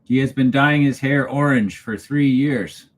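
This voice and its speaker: A man from Canada hosting a casual livestream, chatting with viewers and reading their comments aloud in a relaxed way, chuckling as he goes. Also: mid-range voice, unhurried. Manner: laid-back, chuckling, talks to viewers by name. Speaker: channel host reading live chat. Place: home, alone for the evening.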